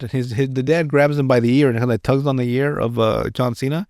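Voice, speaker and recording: A man chats on a podcast in a loose, rambling way. He swears freely and restarts his sentences often. His voice sits at an ordinary middle pitch and sounds close and dry, with no room behind it. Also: fairly even intonation, fast, darkish tone, no echo. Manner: rambling and profane, with many restarts. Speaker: podcast host. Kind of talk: casual chat.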